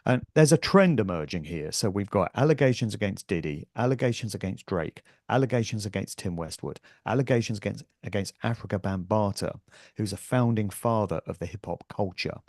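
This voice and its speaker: Very deep-voiced man, dry sound. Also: expressive, a little fast, a little mellow, no room sound. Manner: emphatic, scornful, discursive. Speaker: guest. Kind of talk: casual chat.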